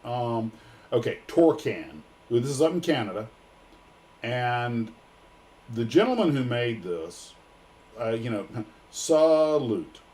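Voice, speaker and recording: A man's voice: mid-range voice, big pitch swings, slow, a little mellow. An American man hosting a casual livestream, joking and rambling with plenty of fillers. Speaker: livestream host.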